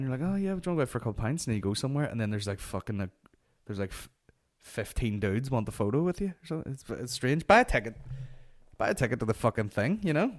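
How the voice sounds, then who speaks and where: A man hosting a comedy podcast, telling profane, rambling anecdotes. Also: medium pitch. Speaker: podcast host. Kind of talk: comic storytelling.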